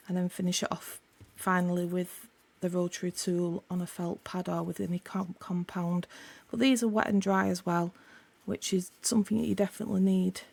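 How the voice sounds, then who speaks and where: A woman with a sore, croaky throat, chatting casually as she unboxes craft supplies for her channel, rambling and correcting herself as she goes. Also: mid-range voice, warm tone.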